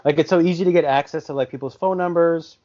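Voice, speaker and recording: A man's voice: on the high side, fairly even intonation, fast talker, mellow. A man co-hosting a podcast, talking in a loose, rambling way with many fillers. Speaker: podcast co-host. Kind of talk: casual chat. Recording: slightly dull lo-fi audio.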